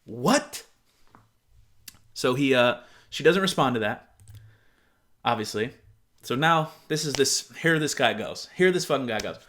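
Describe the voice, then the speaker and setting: A man's voice: medium pitch, expressive, normal speed, fairly bright tone. A young man from Michigan giving reaction commentary on text messages in an incredulous, exclaiming manner. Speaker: YouTuber.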